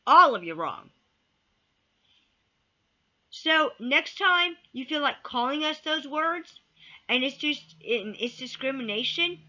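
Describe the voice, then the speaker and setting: A woman's voice: sits high, pushed and bright, dull audio. A woman giving a heated opinion rant to camera. She repeats key words for emphasis and sometimes swears. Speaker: vlogger.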